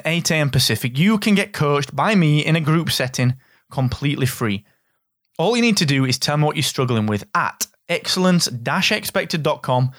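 A middle-aged man with a Northern English accent, hosting a solo business podcast in an energetic, straight-talking, jokey way. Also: a little high, dry recording, studio quality. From Northern England. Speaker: podcast host.

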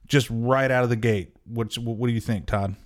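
A man's voice: medium pitch, steady tone, normal speed. A man co-hosting a podcast in casual chat, rambling and hesitant with many restarts, laughing easily. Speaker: podcast co-host.

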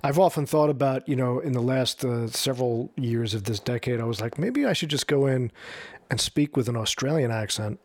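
A man with a New York accent hosting an interview, reacting with quick enthusiasm and chatting about the acting business. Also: mid-range voice, a little mellow, slight background noise. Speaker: podcast host. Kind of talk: casual interview chat.

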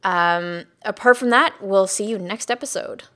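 A woman's voice: mid-range voice, unhurried, sharp tone. A woman hosting a podcast, closing the episode in an upbeat, enthusiastic way. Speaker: podcast host. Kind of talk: podcast outro.

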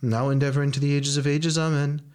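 A man with a smooth, resonant voice chants liturgical prayers. His delivery is solemn and measured, pitched a little high and held within a narrow melodic line. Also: flat delivery, a little mellow. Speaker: reader of prayers.

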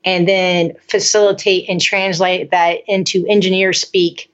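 A woman's voice: lowish voice, flat delivery, a little slow, dull audio. A woman guest chatting in a bubbly way on a podcast and laughing at herself. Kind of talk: casual interview chat.

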